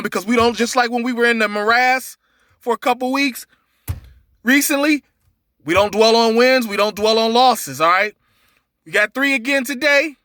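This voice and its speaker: A man's voice: extremely high pitch, sharp tone, no room sound, clean studio sound. A man hosting a sports betting podcast, talking through his picks in a loose, rambling way with lots of fillers and restarts. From Cincinnati area. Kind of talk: casual betting picks monologue.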